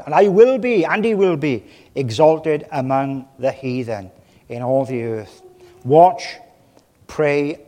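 A man preaching a sermon from a church pulpit, impassioned, with his voice swelling loud and then dropping low. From Wales. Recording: long reverb of a large hall.

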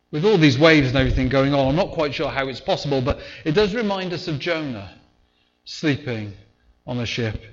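A man with a mid-range voice preaches a sermon conversationally, at times acting out the voices of people in the story he retells. The audio sounds dull.

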